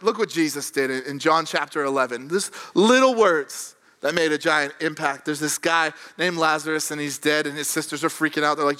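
A young adult man, a pastor telling a funny personal story and preaching with animated, self-mocking energy. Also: fairly high pitch, a little fast, few pauses.

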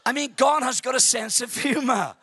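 Bright high-voiced male preacher, jokey. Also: moderate pace, slightly rough, no echo. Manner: animated, jokey, stammering restarts. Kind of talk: humorous sermon storytelling. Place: church service.

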